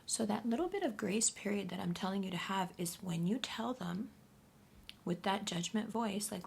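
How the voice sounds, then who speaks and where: A woman giving a casual astrology reading to camera, blunt and profane, often talking in a soft half-whisper. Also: medium pitch, lively intonation, normal speed, vocal fry, slight background noise. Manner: blunt and profane, addressing the viewer directly. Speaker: astrology reader.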